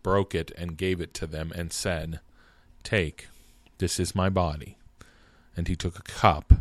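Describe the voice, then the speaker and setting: Deep-voiced man reading scripture. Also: darkish tone, dry recording. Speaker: scripture reader. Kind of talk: scripted narration.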